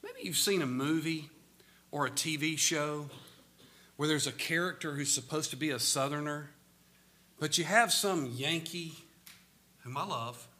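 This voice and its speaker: A man with a Southern American accent preaching a sermon, slow and emphatic, his voice swelling loud on key words. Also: a little high.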